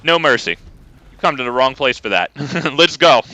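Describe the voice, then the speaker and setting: A man's voice: medium pitch, animated, normal speed, bright, forceful tone. A man streaming a card game, ranting casually and talking to his chat. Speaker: gaming streamer. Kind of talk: casual live gameplay commentary.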